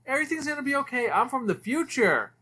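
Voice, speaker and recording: Doraemon, a man squeaking as a cheerful robot cat. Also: big pitch swings, fast talker, pushed and bright, heavily acted. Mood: chirpy. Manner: chirpy, breezy, squeaky high.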